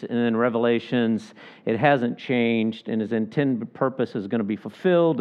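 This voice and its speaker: A man preaching a sermon as pastor, earnest, slowing down to stress scripture verses. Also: mid-range voice, clean tone. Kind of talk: sermon with prayer. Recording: dull lo-fi sound.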